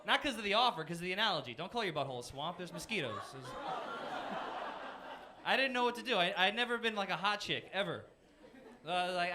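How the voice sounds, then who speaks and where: A young man from Florida works a comedy club crowd with a high, light voice and punchy, self-deprecating delivery. He uses a handheld stage mic, and the live room is noisy with audience laughter behind him. He slips quickly into goofy character voices. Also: animated. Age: 20s. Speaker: stand-up comedian. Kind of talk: stand-up comedy set.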